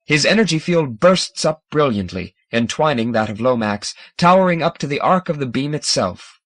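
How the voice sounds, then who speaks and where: A man reading a science fiction audiobook in a dramatic, measured narration style. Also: medium pitch, animated, dry recording. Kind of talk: scripted narration.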